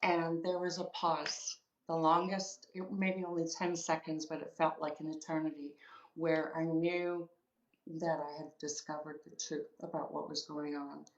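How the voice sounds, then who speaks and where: A woman's voice: deep voice, flat delivery, unhurried, reverberant, muffled recording. A woman recounting a personal story in an interview, with many fillers and quoted dialogue. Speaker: guest.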